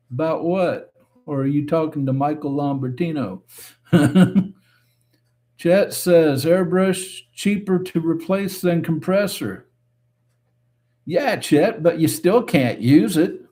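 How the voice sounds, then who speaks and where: A man with a fairly high-pitched voice hosts a casual live stream. He reads viewer comments aloud and answers them in a relaxed, chatty way.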